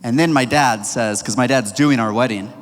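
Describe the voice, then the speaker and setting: A young man giving a storytelling youth sermon, energetic and leading the room in call-and-response. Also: medium pitch, normal speed. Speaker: youth pastor. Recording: long reverberant hall.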